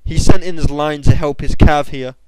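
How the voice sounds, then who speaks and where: Young man doing casual gameplay commentary, excitable, smooth tone, dry close sound. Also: normal speed, dry recording, low-quality recording. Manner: excitable, bursts into high shouts. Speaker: gamer.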